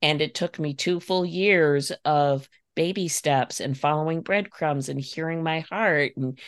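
A woman's voice: sits low, dry recording, studio quality. A woman hosting a podcast, gushing and enthusiastic, talking in long flowing phrases. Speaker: podcast host. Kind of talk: casual podcast interview.

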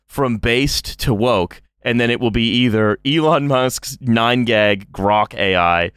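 A man hosting a comedic podcast, talking quickly in a joking way and laughing often, recorded close on a studio mic. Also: medium pitch, a bit bright, clear, resonant tone, no room sound. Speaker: podcast host.

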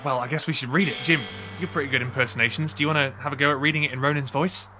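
A man's voice: medium pitch, fairly even intonation, very fast, pushed and bright, faint music behind. A man chatting casually and jokily while playing a game. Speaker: gamer. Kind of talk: casual gaming chat.

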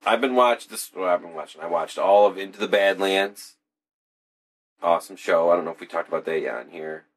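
A man's voice: sits low, brisk. A young man co-hosting a podcast in casual, rambling, profane chat. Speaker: podcast co-host.

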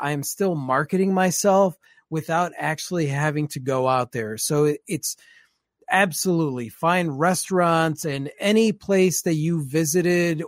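A man co-hosting a live stream, talking fast and excitedly in a casual chat. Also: a little high, dry recording, clean studio sound.

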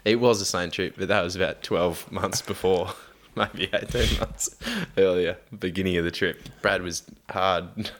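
Deep-voiced Australian man telling stories. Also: measured pace, few pauses. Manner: swears freely, animated storytelling. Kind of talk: casual chat.

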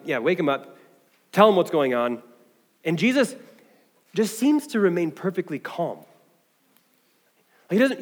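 A man's voice: on the high side, in a large hall. A man preaching a sermon as pastor, talking in a loose, conversational way with frequent fillers and "right?" asides.

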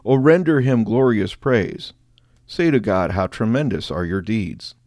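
A man with a lowish voice chants psalms and prayers in a steady, measured cadence, letting each phrase sink at its close. The sound is dry and close, with no room echo. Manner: measured chanting cadence, drops pitch on closing words. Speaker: prayer leader.

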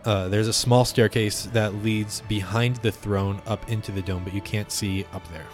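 A man's voice: lowish voice, steady tone, normal speed, soft background music. A man narrating descriptively as game master of a tabletop game. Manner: descriptive, with fillers.

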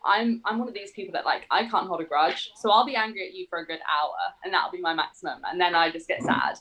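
A young English woman tells a personal story in an open, unguarded way. Her voice sits slightly low, and she speaks casually, with plenty of swearing and "like". It sounds like a relaxed chat among friends. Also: fast talker, poor audio. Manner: frank, swears freely, chatty fillers like "like".

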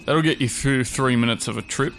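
A man's voice: medium pitch, brisk, fairly bright tone, faint music behind. A man co-hosting a podcast, chatting casually with a wry, joking manner. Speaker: podcast co-host. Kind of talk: casual chat.

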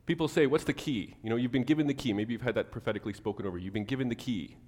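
A man preaching a sermon to his church, animated, acting out the people he quotes. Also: medium pitch, racing, long reverb tail. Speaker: pastor.

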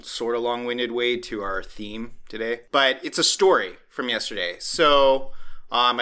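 A podcast host chatting casually and telling a rambling, animated story. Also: male voice, fairly low pitch.

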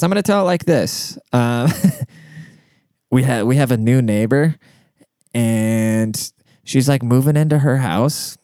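A man's voice: mid-range voice, takes it slowly, pauses often, dark tone, clear, resonant tone, no room sound, clean studio sound. A man hosting a podcast, talking in a rambling, profane, casual monologue with lots of fillers and asides. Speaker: podcast host. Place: outdoors.

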